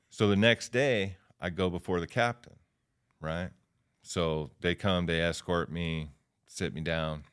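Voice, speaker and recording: A man's voice: low-pitched, fairly even intonation, slow, a bit bright, clear, resonant tone. A man in his fifties, a podcast guest, telling stories in a loose, slangy way with lots of fillers. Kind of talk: casual storytelling.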